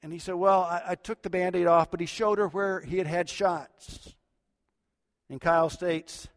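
A middle-aged man preaching a sermon as a pastor, swinging between loud emphatic lines and hushed low ones. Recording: long hall reverb.

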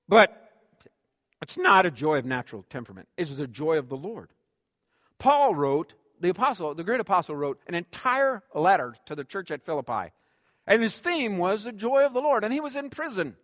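A man preaching a sermon in a church, lively, with humorous asides. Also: fairly high pitch, a little fast, studio quality. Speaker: pastor. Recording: long hall reverb.

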